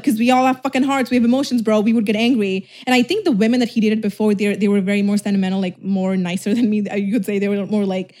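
A woman hosting a podcast, telling a personal story in a fast, emphatic, rambling way with casual cussing, close to the mic. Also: medium pitch, steady tone, dark tone. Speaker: podcast host.

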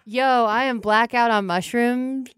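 A woman's voice: a little high, steady tone, measured pace, smooth, no echo, studio quality. A woman, a regular on a comedy podcast, reading lines aloud in a giggly, playful way during a party game. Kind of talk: casual comedy game chat.

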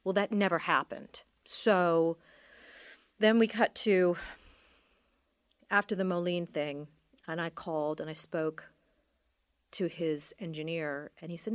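A middle-aged woman telling a personal story as an interview guest, halting and trailing off with many fillers. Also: on the low side, fairly even intonation, clear, resonant tone, no echo.

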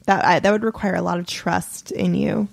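A woman co-hosting a podcast with a gravelly, fry-laced voice, tossing in short dry quips. She is recorded close on a dry mic. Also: fairly low pitch, normal speed, no echo. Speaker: podcast co-host. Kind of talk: casual chat.

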